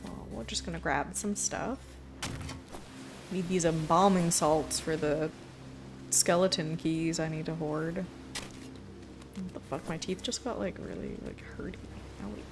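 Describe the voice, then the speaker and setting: A young woman chatting on a game stream, giggly and easily flustered, her talk full of filler likes. Her voice is a little low for a woman, and faint music plays underneath. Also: steady tone, measured pace, long pauses. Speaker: variety streamer. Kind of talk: casual game-stream chat.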